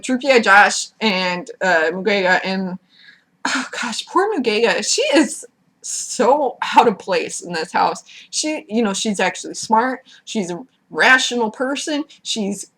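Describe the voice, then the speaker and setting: A woman's voice: on the high side, fairly bright tone. A woman giving a casual, sarcastic recap of a TV episode, swearing freely and mocking the cast. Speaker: recap vlogger.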